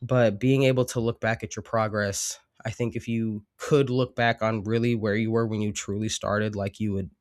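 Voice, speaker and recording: A man's voice: fairly low pitch, flat delivery, moderate pace, few pauses. A man with a congested cold voice, giving a casual, rambling tarot reading with many fillers. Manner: rambling, reflective, with frequent fillers. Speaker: tarot reader.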